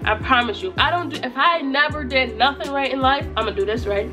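A young YouTuber from Utica, New York, talks straight to camera at home in front of a mirror, crying happy tears. Her high-pitched voice moves fast over music as she speaks emphatically and repeats herself in a casual vlog chat.

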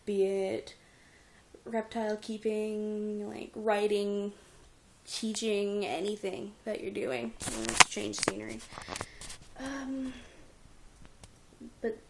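A woman's voice: medium pitch, fairly even intonation, slow pace, vocal fry, long pauses, fairly bright tone, a little hiss or hum. A young woman who runs a reptile rescue, venting at home into a handheld camera in a frustrated, rambling and tearful way. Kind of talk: emotional personal vlog. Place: at home indoors. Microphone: handheld camera at arm's length.

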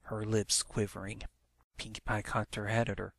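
A man narrating a fan fiction story aloud in a plain, even reading voice. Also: on the low side, moderate pace, creaky, no room sound. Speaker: amateur reader.

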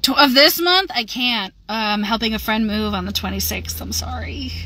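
Bubbly woman voice actor, high bright voice, chatty and loose, faint background hiss. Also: normal speed, poor audio. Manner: bubbly, chatty, laughs often, trails off with fillers. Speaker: voice actor doing fan Q&A. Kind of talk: casual livestream chat.

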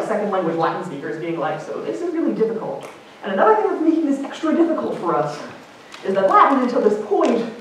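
A woman linguist giving a casual public lecture, chatty and animated, putting on higher voices for the people she quotes. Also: a little hiss or hum. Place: lecture hall. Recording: echoey hall from far off.

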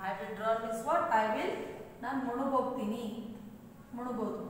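High-voiced woman teacher in an echoey room. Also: lively intonation, slight background noise. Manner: slow, repetitive, switches into Kannada to explain words. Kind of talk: English lesson explaining a poem. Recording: echoey far-off room recording.

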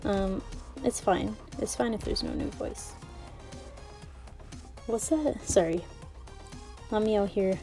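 A woman gamer rambling in easy, casual chat, often giggling and a little out of breath. Her voice is mellow and soft-edged, with faint game music in the background. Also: medium pitch, slow, long pauses. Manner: says she always sounds out of breath. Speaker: gaming video creator.

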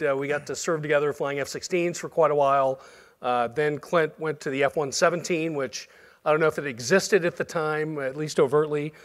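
A man in his fifties with a Southern US accent, introducing the closing speaker in a relaxed, folksy way. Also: fairly high pitch. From Alabama, US. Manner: relaxed, folksy, frequent fillers. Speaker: event host introducing a speaker.

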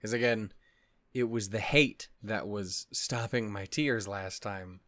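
A man's voice: lowish voice, slow pace, a bit bright, no echo. Tired, swearing man in a dry close-mic vlog. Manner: tired, upset and swearing, rambling with restarts. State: tired, yawning. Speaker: anime reaction channel host. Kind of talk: casual reaction vlog chat.

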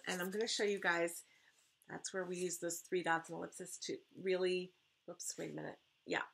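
A woman's voice: lowish voice, little pitch movement, moderate pace, creaky, breathy edge. A woman teacher reading a storybook aloud to her class from her living room, with chatty asides. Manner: chatty asides with light laughter.

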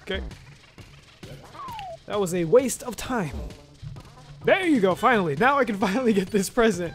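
A man's voice: high voice, animated, moderate pace, long pauses. A man giving loose, chatty let's-play commentary while playing a game, talking to himself and swearing mildly. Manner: loose, chatty, with mild swearing and self-talk. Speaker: gaming video host. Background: faint game music.

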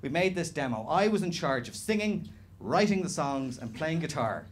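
A young Irish man doing a stand-up comedy set, animated and swearing, with shouted impressions. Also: a little high, moderate pace, slight background noise. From Ireland. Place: small comedy venue with live audience. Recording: live club recording with laughing crowd. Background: audience laughter.

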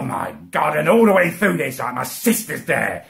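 A man delivering an indignant comic rant, swearing and climbing high in pitch as he gets outraged. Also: sing-song, normal speed, vocal fry, hardly any pauses, a bit bright. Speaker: comedy ranter.

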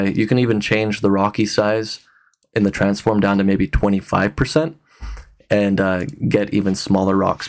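A man with a lowish voice walks through a screen-recorded tutorial in a loose, rambling way. He sounds a little tired, stopping and restarting his sentences with plenty of ums along the way. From Utah. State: tired, yawning. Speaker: tutorial host.

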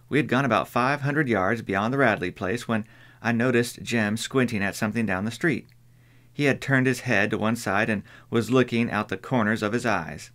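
A man reading an audiobook in measured scripted narration. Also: fairly low pitch. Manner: measured, even storytelling.

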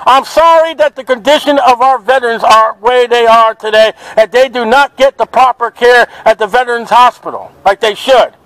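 A man's voice: very high voice, moderate pace, few pauses, a bit bright, no room sound, poor audio. A man preaching fervently outdoors at a market, quoting scripture in an open-air sermon. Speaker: street preacher.

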